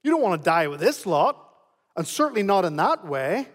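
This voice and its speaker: Pastor guy preaching, high voice, keeps repeating himself for emphasis, lots of hall echo. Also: sing-song, fairly quick. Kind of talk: sermon. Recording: long hall reverb.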